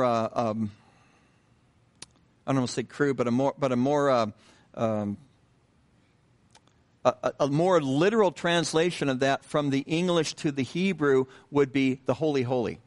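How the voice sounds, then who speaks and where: A pastor preaches conversationally and unhurriedly, repeating himself with lots of fillers and restarted sentences and putting questions to the congregation. His voice is mid-range.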